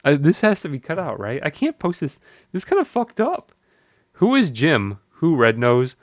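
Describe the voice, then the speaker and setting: Animated man reacting in disbelief. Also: normal speed, no echo, muffled recording. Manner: animated, incredulous, swears, laughs often, jumps up in pitch. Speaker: streamer. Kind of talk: live stream commentary, reading posts aloud.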